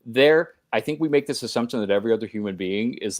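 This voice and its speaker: A man's voice: medium pitch, quick pace, hardly any pauses. A man speaking as a podcast guest, earnest and emphatic, talking in long run-on sentences with restarts. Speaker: podcast guest, host of his own show. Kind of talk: conversational podcast talk.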